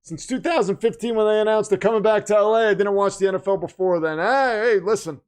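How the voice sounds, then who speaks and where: A man's voice: high-pitched, fast, clear, resonant tone. A man hosting a live stream, reacting to a football game and chatting with viewers, swinging into announcer-style hype. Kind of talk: casual live-stream commentary.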